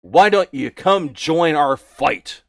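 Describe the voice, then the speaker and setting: Man doing a loud scornful orc guard. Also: fairly high pitch, lively intonation, slow, gravelly, no echo, pitched above the performer's own voice, full character voice. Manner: loud, scornful, barking insults. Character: gruff bullying male orc camp guard.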